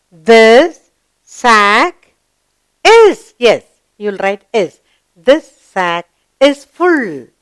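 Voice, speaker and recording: A woman with an Indian English accent teaching a children's grammar lesson, asking questions, answering them herself and praising in a drawn-out, sing-song way. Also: a little high, fairly bright tone, no room sound.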